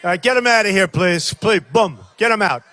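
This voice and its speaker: A man's voice: sits high, brisk, bright, forceful tone. An older man giving a rambling campaign rally speech, repeating himself and talking straight to the crowd. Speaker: political candidate. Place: large rally crowd by a plane.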